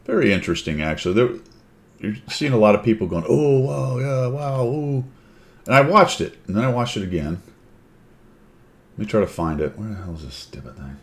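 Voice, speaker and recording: A man's voice: low-pitched, very animated, quick pace. A man hosting a casual chat, rambling and thinking aloud. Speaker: host.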